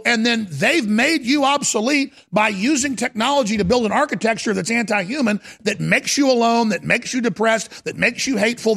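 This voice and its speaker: Fiery male commentator with a raised, gravelly voice; urgent, repetitive rant. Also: very high voice, fairly bright tone. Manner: ranting, urgent, repetitive and dramatic. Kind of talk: impassioned monologue.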